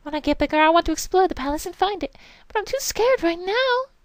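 Woman doing a squeaky scared little kid from a game, high and jumpy. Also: lively intonation, fast talker, no room sound. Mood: timid.

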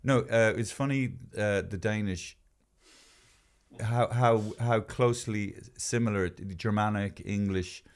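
A man's voice: on the low side, a little slow. A man hosting a podcast, rambling in casual chat with stammering restarts and playful impressions. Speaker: podcast host.

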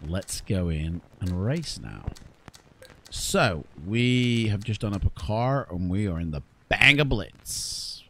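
Guy doing gameplay commentary, lowish voice, chatty, moans at the game. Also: very animated, slow, fairly bright tone, a little hiss or hum. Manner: chatty, exasperated asides. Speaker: gaming channel host.

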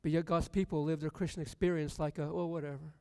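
Preacher guy, high smooth voice, long church reverb, keeps hammering the same line. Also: fairly even intonation, fast, darkish tone. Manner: repetitive, building emphasis. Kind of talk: sermon. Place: church sanctuary.

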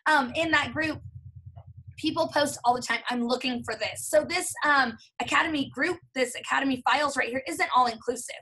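Bright, enthusiastic woman coach, chatty webinar delivery. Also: high-pitched, moderate pace, poor audio. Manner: enthusiastic, chatty, self-correcting. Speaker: gym owner and coach. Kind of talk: casual webinar talk.

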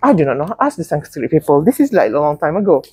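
A husky-voiced woman runs a botany class in a casual, chatty way, teasing the students now and then and tripping over her own words. The sound is dry and close, with little room echo. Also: low-pitched, sing-song, quick pace, a little mellow. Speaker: botany lecturer. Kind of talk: classroom lecture.

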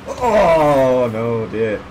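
A man commentating his own gameplay excitedly, yelping, swearing and shouting at each play. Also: mid-range voice, slight background noise, low-quality recording. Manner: excitable, yelps and shouts at plays, swears, laughs often.

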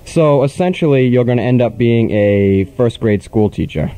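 A man's voice: mid-range voice, lively intonation, normal speed, dark tone, rough recording. A man hosting a college radio show, teasing his guest in a sarcastic, mock-rude way. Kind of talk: casual late-night radio banter. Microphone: studio microphone.

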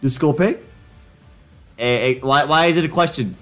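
A man's voice: a little high, unhurried, fairly bright tone, faint music behind. A young man casually commenting on a live stream, joking around and reading prompts aloud. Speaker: livestreamer.

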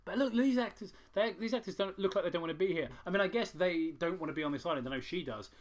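A man's voice: high-pitched, fast. Sweary man with a raised voice. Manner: sweary, rambling and sarcastic. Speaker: commentary host. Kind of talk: casual film commentary.

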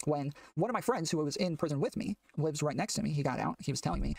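A man telling a long story in casual chat, rambling with many fillers and getting excitable, recorded from a distance off the mic. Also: a little high, fast talker, vocal fry, few pauses, slightly rough, no echo. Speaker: guest telling a prison story.

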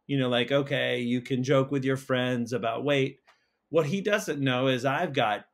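A man, a school counsellor and podcast guest, telling a personal story in casual conversation, halting with many restarts and fillers. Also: mid-range voice, gravelly.

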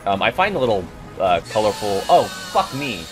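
A young man giving profane, jokey, excitable commentary as he plays a video game. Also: lowish voice, moderate pace, music in the background. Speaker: gamer and video host. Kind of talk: let's-play game commentary.

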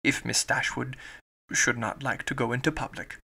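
A man's voice: medium pitch, level tone, moderate pace, gravelly, sharp tone, slightly rough, full character voice. A man reading as a merry chattering young lady. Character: cheerful chattering young woman, merry, talkative.

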